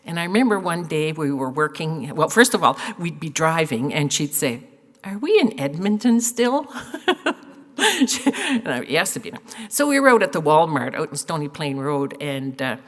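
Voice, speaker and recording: Eulogy speaker, older woman, low voice, long hall reverb. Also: very animated, normal speed. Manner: warm storytelling with fillers and laughs. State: tearful. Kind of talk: funeral eulogy. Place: funeral hall. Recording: echoey hall.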